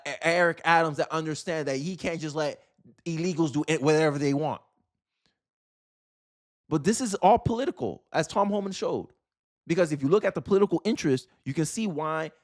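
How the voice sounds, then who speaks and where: A man from Florida hosting a political commentary video, ranting heatedly and emphatically in casual slang. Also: on the high side.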